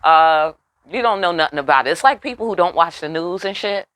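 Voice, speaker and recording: A woman giving a casual tarot reading, animated and profane with chatty asides. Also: on the low side, brisk, no room sound. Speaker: tarot reader.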